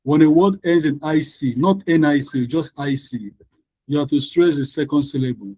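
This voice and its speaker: Patient male English tutor, warm dry voice. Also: on the high side, normal speed, no echo, rough recording. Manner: patient, repeats each rule for the class. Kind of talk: online class teaching.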